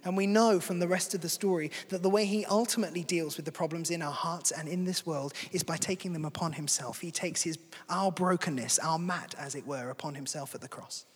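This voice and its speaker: A man's voice: fairly high pitch, brisk, slightly rough. A man preaching a sermon in a conversational, earnest way. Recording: long hall reverb.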